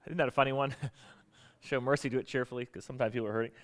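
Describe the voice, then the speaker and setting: A man preaching a sermon as pastor, animated and joking with the congregation in a church sanctuary. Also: mid-range voice, very fast, in a large hall.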